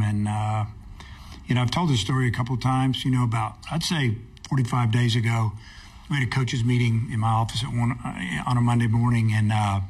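Baseball coach, man, husky tone, easygoing, rambling interview answers. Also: mid-range voice. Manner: folksy, rambling, many fillers and restarts. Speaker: college baseball head coach.

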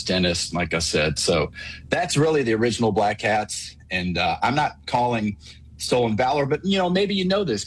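Caller: grown man, husky voice, measured and explanatory. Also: lowish voice, poor audio. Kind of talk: casual call-in. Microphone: phone line.

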